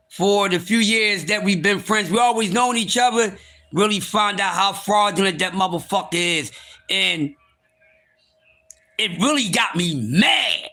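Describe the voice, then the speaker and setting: A livestream host with a high, bright, sharp voice rants with blunt, profane energy. He swings from calm, smooth talk to loud shouting bursts and repeats himself for emphasis.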